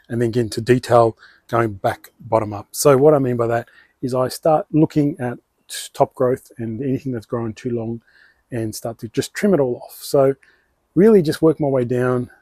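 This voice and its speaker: A man's voice: medium pitch, dark tone, husky, no room sound. A man with an Australian accent hosting his own bonsai channel, explaining tree care in a casual, rambling way that often corrects itself. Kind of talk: casual hands-on tutorial.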